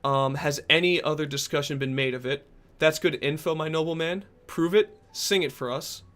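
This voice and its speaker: At a moderate pace and fairly high pitch, a young streamer reads and responds to chat messages in a casual way, cracking jokes, cursing and erupting into sudden loud outbursts.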